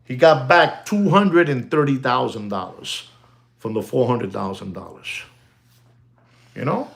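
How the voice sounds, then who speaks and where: A middle-aged man giving casual, animated commentary on the watch market, peppering his talk with "you know" and the odd Spanish phrase. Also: medium pitch, unhurried, gravelly. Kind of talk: casual talking-to-camera commentary.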